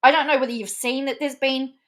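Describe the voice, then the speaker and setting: A woman's voice: sits high, fairly even intonation, fast, a bit bright. A middle-aged woman talking casually on a live stream, emotional, laughing often and repeating herself. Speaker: vlogger.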